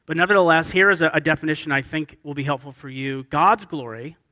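A man's voice: fairly high pitch, fast, pushed and bright. A man preaching a sermon with emphasis, often asking his listeners questions. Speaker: pastor. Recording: long hall reverb.

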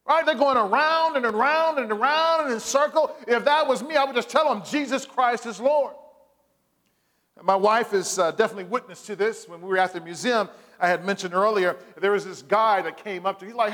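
In a large hall, a pastor with a high-pitched voice preaches at a fairly quick pace. He tells animated stories using quoted voices and leads call-and-response with the congregation, asking "Amen?"

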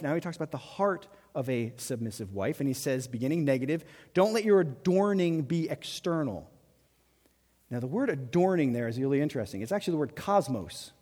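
A male pastor preaching a sermon, emphatic, repeating key phrases and dropping to a hush for emphasis. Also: on the high side, in a large hall. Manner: emphatic, repeats key phrases, drops to near-whisper at climaxes.

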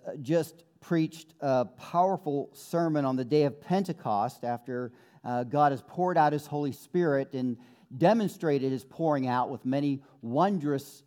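A man preaching a sermon in an earnest manner, slowing down to quote scripture and building up with fervor. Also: mid-range voice, warm tone. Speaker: pastor.

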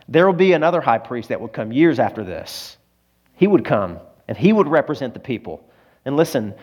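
A male pastor delivering a sermon in a fairly high voice. He shifts between forceful, emphatic lines and quiet, low passages. He sounds moved, almost to tears. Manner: expressive, swings between loud emphasis and hushed low delivery; emotional, close to tears.

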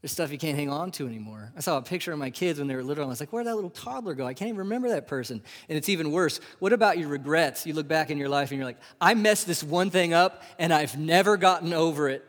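A man in his thirties preaching a sermon. He swings from loud, rising emphasis to hushed, drawn-out near-whispers. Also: a little high, expressive. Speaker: pastor. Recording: live sermon with long hall reverb.

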